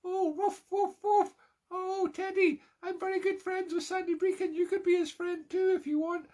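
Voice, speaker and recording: A Scottish man voicing a silly, eccentric old man in a high falsetto, cooing at dogs during a comic live-stream bit. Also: level tone, normal speed, darkish tone. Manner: coos and jokes at the dogs.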